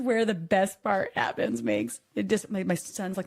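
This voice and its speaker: A woman in her thirties co-hosting a podcast, telling a story with animated acted-out voices. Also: mid-range voice, moderate pace, hardly any pauses. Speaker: podcast co-host. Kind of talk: casual chat.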